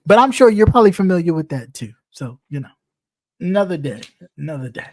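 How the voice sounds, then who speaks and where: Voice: mid-range voice, very animated, fairly quick, a little mellow, no room sound. An online commentator giving casual gossip commentary, blunt, profane and teasing, with frequent laughter.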